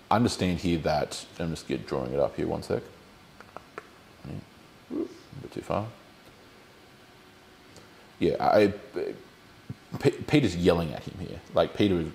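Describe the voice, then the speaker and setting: A deep-voiced man leads a Bible study. He explains each point and puts questions to the group as he goes. His voice sits low. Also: a little mellow, a little hiss or hum.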